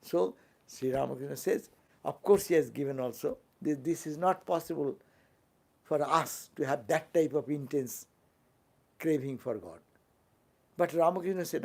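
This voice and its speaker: A man's voice: fairly high pitch, creaky. An older man, a monk with an Indian English accent, giving a fervent sermon and often asking his listeners questions. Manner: fervent, asks the listeners questions, quick tag-questions. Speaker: monk giving a spiritual talk.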